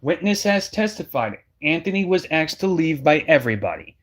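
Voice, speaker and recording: A man's voice: fairly high pitch, sing-song, normal speed. A man giving heated, scornful reaction commentary as a streamer, speaking straight to his viewers. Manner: emphatic, scornful, addresses the audience directly.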